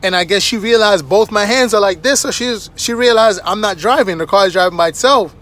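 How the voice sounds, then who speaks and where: A man with a high voice tells casual anecdotes to camera. He is animated and chatty, and keeps tossing in little checks with the listener. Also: a little fast. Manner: animated, chatty, frequent "right?" asides. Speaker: vlogger.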